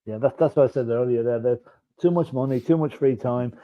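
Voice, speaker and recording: A man's voice: mid-range voice, a little fast. Bloke rating players on a footy podcast, opinionated, sounds like he's on a phone line. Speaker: podcast co-host, football pundit. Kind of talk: casual fan podcast chat.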